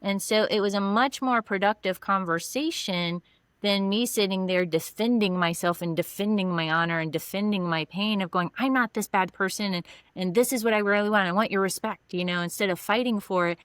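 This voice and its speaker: A woman's voice: mid-range voice, a little fast, fairly bright tone, smooth, no echo. Earnest woman counselor, dry close sound. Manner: earnest, explains with examples. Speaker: mental health counselor. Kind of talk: podcast interview.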